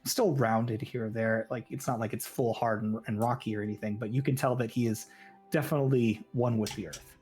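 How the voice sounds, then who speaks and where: A man's voice: medium pitch, steady tone, brisk, a little mellow, soft background music. A man as game master, chatting casually in a rambling way. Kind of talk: casual chat.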